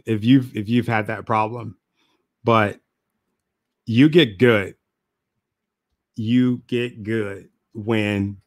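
A man talking casually to camera as a motivational speaker and host. He is relaxed, repeats phrases for emphasis and laughs at himself. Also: fairly low pitch, dry recording, clean studio sound. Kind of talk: casual reflective monologue to camera.

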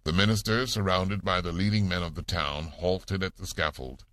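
A man narrating a classic novel summary in a measured, formal audiobook manner. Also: sits low, steady tone, a bit bright, no echo.

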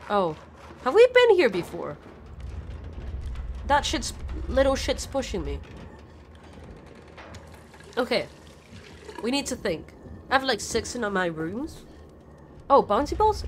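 A woman's voice: sits high, fairly bright tone, slight background noise. A woman streaming a video game live, swearing freely while talking to her chat and the characters on screen. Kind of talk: live gameplay commentary.

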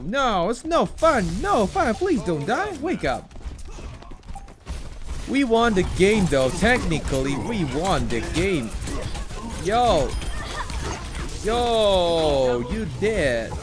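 A man giving excited, shouty commentary while playing a video game. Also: high-pitched. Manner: shouty, excitable, yelling bursts. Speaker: gameplay channel host. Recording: game music playing behind the voice.

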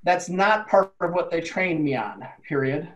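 A man voicing a young male plant scientist who is unsure and defensive, pausing and speaking his punctuation aloud. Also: a little high, lively intonation, low-quality recording. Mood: hesitant. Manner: hesitant, dictates punctuation aloud.

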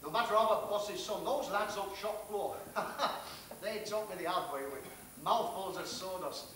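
An actor playing a blunt, hearty factory boss, telling a folksy story. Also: male voice, sits high, normal speed, fairly bright tone, a little hiss or hum. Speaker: factory owner giving advice. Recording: roomy film sound from a distant mic.

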